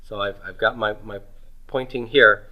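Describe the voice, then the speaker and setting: A middle-aged man teaching Hebrew grammar in a homework review lecture. He asks questions and answers them himself, drawing out words slowly. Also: fairly low pitch, fairly even intonation, sharp tone, poor audio.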